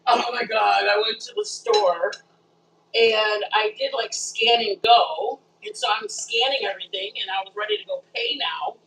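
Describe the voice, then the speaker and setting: A woman's voice: mid-range voice, moderate pace, recorded from a distance, slight background noise, rough recording. A woman hosting a live home cooking stream, chatting casually with her viewers as she cooks. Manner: chatty, animated, talks straight to viewers. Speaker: cooking channel host. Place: home kitchen.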